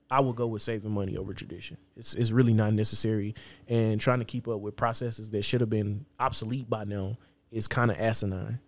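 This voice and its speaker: A man's voice: medium pitch, a little mellow, dry recording. A man co-hosting a podcast in casual chat, opinionated and slangy, with frequent filler phrases. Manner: opinionated, slangy, keeps saying "you know what I'm saying". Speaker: podcast co-host.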